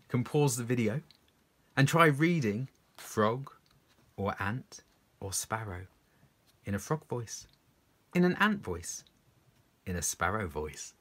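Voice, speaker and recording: A man's voice: medium pitch, sing-song, slow pace, long pauses, slightly rough. A man, a children's poet, reading his poems aloud and encouraging young listeners to join in.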